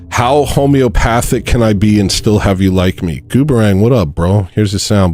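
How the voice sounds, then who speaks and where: A man's voice: lowish voice, normal speed, hardly any pauses, a little mellow. A man hosting a casual livestream, rambling and self-deprecating as he reads chat messages and verses aloud. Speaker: livestream host.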